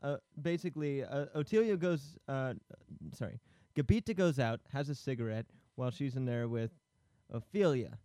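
A man in relaxed podcast banter asks questions about a film and curses cheerfully at his own mistakes. His voice is dry and close to the mic. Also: medium pitch, moderate pace, hardly any pauses, smooth, dry recording. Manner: swears freely, jokey and self-deprecating. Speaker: podcast co-host. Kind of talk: casual film discussion.

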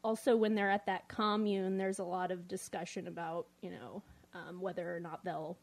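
A woman co-hosting a casual film review podcast, chatty and quick to laugh. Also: lowish voice, level tone. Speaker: podcast co-host.

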